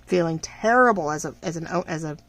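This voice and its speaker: A middle-aged woman running a small shop, chatting casually and rambling while she crafts, full of fillers and lively ups and downs. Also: sits low, fast, slight background noise. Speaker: craft vlogger and shop owner.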